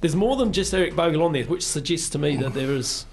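Coanimateur kiwi curieux. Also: male voice, fairly high pitch, expressive, quick pace, gravelly, slight background noise. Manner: inquisitive, chatty. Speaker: radio co-host. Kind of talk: casual radio chat.

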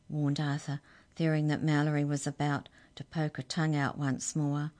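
Low-voiced woman reading a children's story. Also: moderate pace. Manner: clear, expressive narration.

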